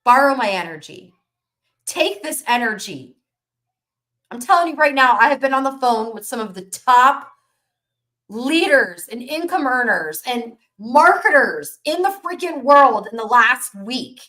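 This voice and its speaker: A woman business coach hosting a live motivational workshop stream, energetic and emphatic, repeating phrases for rhythm. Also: sits high, measured pace.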